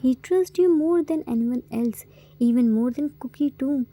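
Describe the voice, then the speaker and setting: A woman voicing a gentle, wise female figure who reassures calmly, in a story reading. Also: normal speed, rough recording. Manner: calm, reassuring, low-key.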